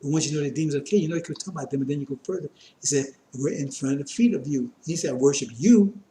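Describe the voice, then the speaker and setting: A man's voice: fairly high pitch, rapid-fire, warm tone, roomy sound, slight background noise. A man teaching scripture in a loose, conversational way, reading verses aloud and then explaining them with many asides, his voice strained and catching on coughs. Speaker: religious teacher.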